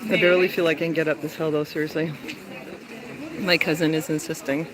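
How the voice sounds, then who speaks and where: A woman's voice: low voice, level tone, quick pace, crowd noise. Chatty woman vlogging on an uphill walk. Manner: chatty, breathless from climbing, yawning. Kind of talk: walking travel vlog. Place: outdoors in a hilly lakeside town.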